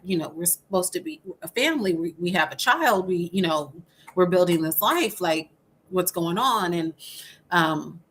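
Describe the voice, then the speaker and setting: A woman's voice: on the low side, fairly bright tone. A middle-aged woman guest telling a hard personal story candidly, with many fillers and restarts.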